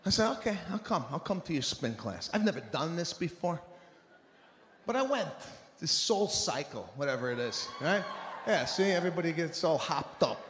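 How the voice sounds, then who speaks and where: A man doing a stand-up set, animated and exasperated, acting out the people around him. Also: fairly high pitch, moderate pace, a little hiss or hum. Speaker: stand-up comedian. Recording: live room with hall echo.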